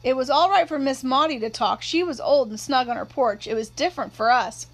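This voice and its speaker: A woman reads a novel aloud in a steady, even storytelling manner. Her voice sits high for a woman. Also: a little fast, rough recording. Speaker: narrator. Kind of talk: audiobook narration.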